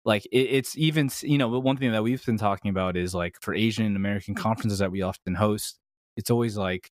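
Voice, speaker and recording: An enthusiastic man chatting on a podcast, his talk full of "like" and "man". His voice sits a little low. The recording is dry and close to the mic. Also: fast talker, dry recording. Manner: enthusiastic, heavy use of "like" and "man". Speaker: podcast guest, ministry podcaster. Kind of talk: casual podcast discussion.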